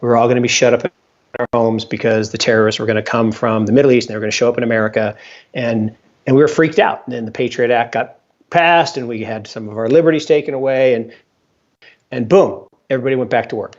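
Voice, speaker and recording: A man, an investment fund founder and guest, giving animated market commentary, emphatic and repeating his points. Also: mid-range voice, fast. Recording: dull lo-fi sound.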